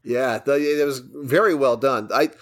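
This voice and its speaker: A man's voice: medium pitch, normal speed, a bit bright. A man co-hosting a film podcast, eagerly recapping a movie's plot in casual chat. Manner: enthusiastic, recaps plot at length. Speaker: podcast co-host.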